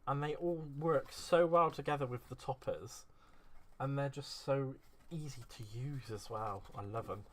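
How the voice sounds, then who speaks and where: A man's voice: mid-range voice, a little slow, a bit bright, a little hiss or hum. A man chatting casually as a craft vlogger, gushing over card-making supplies. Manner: gushing, effusive. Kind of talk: casual craft unboxing chat.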